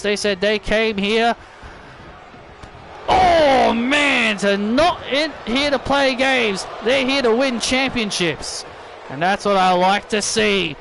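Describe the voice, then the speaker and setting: A man doing excitable play-by-play wrestling commentary over a video game, repeating himself and bursting into shouts. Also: high-pitched, background noise.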